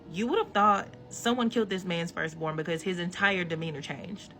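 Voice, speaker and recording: A woman telling a story to camera, animated and exasperated. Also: on the low side, fairly quick, hardly any pauses, soft background music.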